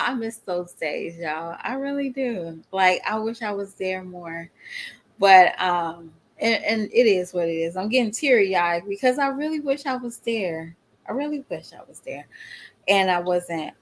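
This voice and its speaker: A woman's voice: fairly low pitch, fairly bright tone. Chatty woman talking to viewers. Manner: chatty, addresses viewers as y'all, laughs often. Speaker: vlogger. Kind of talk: casual chat to viewers.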